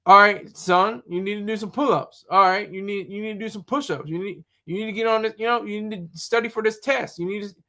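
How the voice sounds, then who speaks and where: A man's voice: high voice, a little fast, few pauses, sharp tone. A man doing a blunt, barking drill instructor. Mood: commanding. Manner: blunt, commanding.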